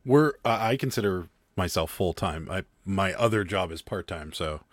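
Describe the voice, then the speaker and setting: A man's voice: deep voice, animated, normal speed, no echo. A man guest in a casual chat, telling a story in a rambling way with many restarts.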